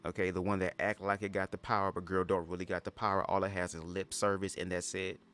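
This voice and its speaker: Sassy low-voiced man on a livestream. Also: little pitch movement, quick pace, a bit bright. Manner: chatty, sassy, keeps addressing listeners as "girl". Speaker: livestream host reading a book aloud. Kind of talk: casual livestream commentary.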